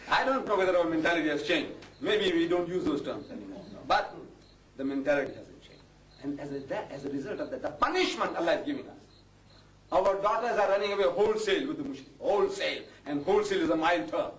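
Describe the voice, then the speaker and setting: An older man lectures an audience as a Muslim preacher, his voice a little high, expressive, and fast. He is impassioned and rises to indignant outbursts. The recording has an echoey hall sound, a distant mic, and faint noise.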